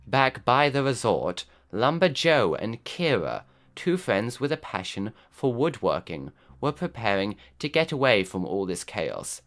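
A man's voice: mid-range voice, very animated, measured pace, hardly any pauses, fairly bright tone. A man narrating a game video in a wry, scripted, storytelling way.

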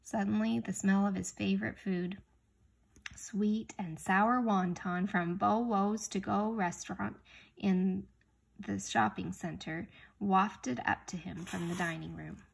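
A woman reading a children's chapter book aloud, stopping now and then to ask young listeners gentle questions. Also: mid-range voice, steady tone, slow, vocal fry, slightly rough. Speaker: reader.

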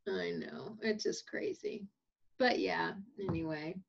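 A woman leading a Bible study, telling a story in a lively way and acting out the quoted voices. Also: slow pace, vocal fry, husky. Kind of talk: casual group discussion. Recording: muffled low-fidelity audio.

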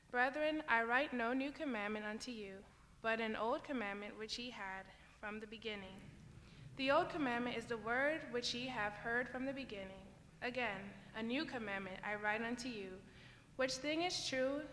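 A woman leading the scripture reading at a church service, reading in a clear, measured way. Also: on the high side, fairly bright tone. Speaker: scripture reader. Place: church sanctuary. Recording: long church hall reverb with faint room noise.

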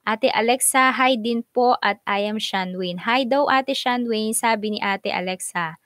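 Bubbly woman host, higher voice, close dry sound, greets chat viewers one by one. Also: normal speed, a bit bright, dry recording. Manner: bubbly, mixes Tagalog and English, greets viewers by name. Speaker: live stream host. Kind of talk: casual live chat, reading out viewer comments.

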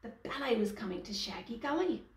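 A woman reading a picture book aloud to children, pausing to ask the young listener questions. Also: on the high side, animated, vocal fry. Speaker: storyteller. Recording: echoey room, distant mic.

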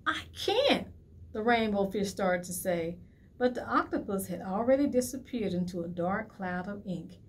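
A woman hosting a library storytime, reading a picture book to preschoolers in an animated way and asking the children questions. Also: medium pitch, normal speed, a little hiss or hum.

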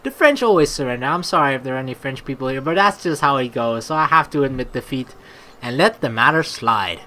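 A woman's voice: extremely low pitch, lively intonation, brisk, fairly bright tone. A woman doing a casual let's play commentary, reading game text aloud and joking and swearing as she goes. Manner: chatty, swears and laughs at own jokes.

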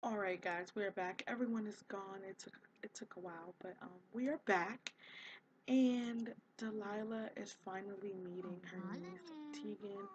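A woman hosting a casual gameplay commentary, excitable and gushing, slipping into quoted voices for the characters. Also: medium pitch, normal speed, background noise. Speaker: let's play host.

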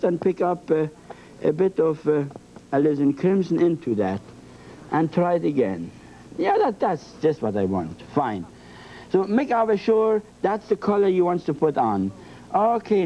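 A man teaching a painting lesson, talking with emphatic, playful repetition. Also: fairly high pitch. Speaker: painting instructor. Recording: dull lo-fi broadcast sound.

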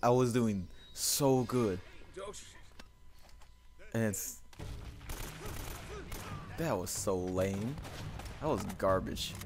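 A man's voice: on the low side, extremely slow, long pauses, a little mellow. A young man commenting casually on a game he is playing, swearing, joking and talking to himself. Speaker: gameplay commentator. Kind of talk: let's play commentary. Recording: game music behind the voice. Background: game music.

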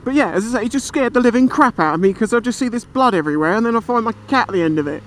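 A British man with a fairly high voice tells a story in a chatty, animated way. He swears freely and rambles as he talks. Faint engine and traffic noise sits behind his voice while he rides. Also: rapid-fire. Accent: British English. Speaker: motorcycle vlogger. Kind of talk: casual storytelling while riding. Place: on a motorbike outdoors.

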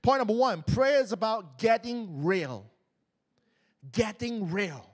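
Animated Malaysian pastor, high voice. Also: male voice, takes it slowly. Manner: animated, repeats words, acts out mock prayers in put-on voices. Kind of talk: sermon. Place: church stage, live-streamed.

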